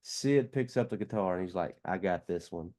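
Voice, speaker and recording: A man's voice: low voice, normal speed, darkish tone. A man co-hosting a casual porch chat, telling funny stories and laughing through them. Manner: joking storyteller, laughs through his stories. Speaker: podcast co-host.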